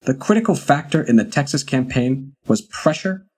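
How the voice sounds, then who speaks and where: Male reader with a husky voice, mid pitch, steady and deliberate in his reading. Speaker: reader of a historical article. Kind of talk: reading a magazine article aloud.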